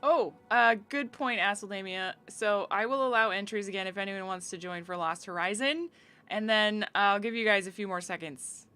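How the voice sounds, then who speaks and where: A woman's voice: medium pitch, normal speed, pushed and bright, clear, resonant tone, faint music behind. An American woman streaming live, chatting casually with viewers in a giggly, filler-heavy way.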